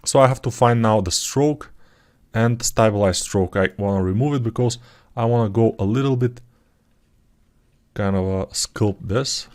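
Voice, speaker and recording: A man talking through his 3D sculpting work in a live tutorial, thinking aloud in a relaxed, self-deprecating way, with typing heard behind him. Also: fairly low pitch, normal speed. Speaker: 3D artist tutor.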